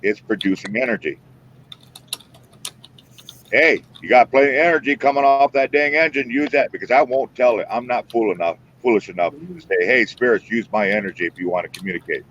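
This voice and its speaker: A man's voice: medium pitch, a little fast, a bit bright, a little hiss or hum. A man hosting a live stream in a casual, folksy and emphatic way. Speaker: paranormal show host. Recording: muffled lo-fi stream audio.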